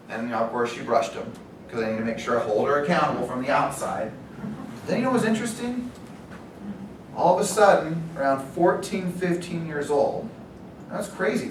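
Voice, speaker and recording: Animated man trainer in a roomy hall. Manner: animated storyteller, acts out quotes, laughs often. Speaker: real estate sales trainer. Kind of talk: live training talk to agents. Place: training room. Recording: roomy, distant, faint rumble.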